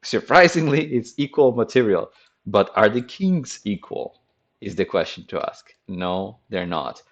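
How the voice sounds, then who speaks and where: A man commenting on a chess game as a teacher, with a playful, dramatic storytelling manner, on a dull lo-fi recording. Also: lowish voice.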